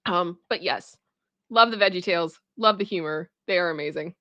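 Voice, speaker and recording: A woman hosting a casual livestream who chats with viewers and retells a comedy sketch in an animated way. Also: on the low side, normal speed, no echo, muffled recording. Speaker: livestream host.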